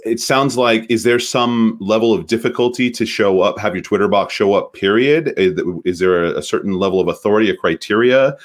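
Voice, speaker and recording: A man with a deep voice, a guest in a casual online interview, relaxed and friendly, a bit hesitant. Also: a little fast, hardly any pauses.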